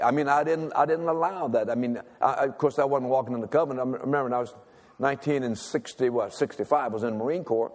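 Older preacher in an echoing hall. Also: male voice, medium pitch, fast, a little mellow. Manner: conversational, calls for audience response. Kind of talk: sermon with personal story. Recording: long reverb of a large hall.

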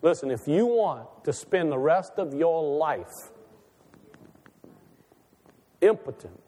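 A man's voice: fairly high pitch, lively intonation, a little slow, warm tone. A man a sermon in a sanctuary, folksy and conversational, rising into impassioned calls. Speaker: preacher. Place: church sanctuary. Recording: long reverb of a church hall.

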